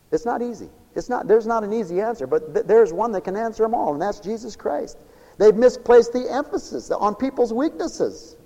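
Male preacher, animated sermon delivery, pitch on the high side, hall reverb. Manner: swings from loud high exclamations to low murmurs.

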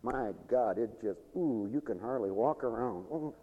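A man preaching a sermon, swinging between loud, drawn-out declaiming and low murmurs, with frequent chuckles. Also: animated, long reverb tail, lo-fi sound.

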